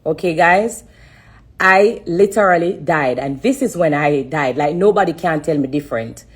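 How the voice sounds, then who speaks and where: Husky low-voiced woman giving an emotional testimony. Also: expressive. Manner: halting, emotional, repeating phrases, many pauses and fillers. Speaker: live-stream host sharing a personal testimony. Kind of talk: emotional personal testimony on a live stream.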